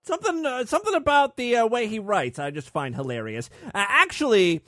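A man's voice: high voice, sing-song, fairly quick, sharp tone, no echo, clean studio sound. A man hosting a podcast and reading a story in a mock-dramatic, solemn narrating voice. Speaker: podcast host.

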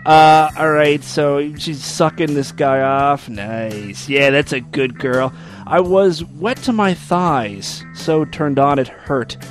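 A man's voice: a little high, lively intonation, slow, few pauses. A wisecracking man with a slightly raised voice reads a story aloud and keeps cutting in to ridicule it. His delivery is sarcastic, and faint music plays underneath. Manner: sarcastic, wisecracking, laughs at the text. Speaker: host. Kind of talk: comedic reading with mocking commentary.

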